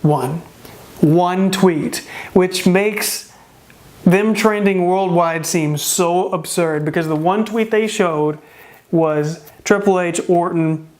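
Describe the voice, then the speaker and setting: A sarcastic reviewer talks through a wrestling event in a loose, casual way, firing off rhetorical questions and exasperated outbursts. The voice is starting to go hoarse from talking so long. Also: medium pitch, slow, a little mellow. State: starting to lose voice.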